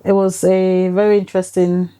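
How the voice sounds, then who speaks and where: Woman in her forties, storyteller, mellow warm tone, lively and laughing. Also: fairly low pitch, moderate pace, smooth. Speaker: podcast guest. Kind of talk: casual chat, storytelling. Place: podcast studio.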